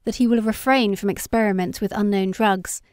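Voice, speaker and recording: A woman reading a story aloud as an audiobook narrator, in a measured, unhurried way. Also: medium pitch, steady tone, a little mellow, dry recording, studio quality. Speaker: audiobook reader. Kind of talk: scripted narration.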